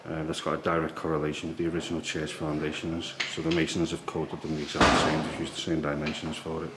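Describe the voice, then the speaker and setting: A man quietly explaining history as he walks visitors through a museum in an old priory. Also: monotone, fast talker. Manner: hushed, low-key explaining. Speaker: history tour guide. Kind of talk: walking tour vlog. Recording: echoey room with background noise.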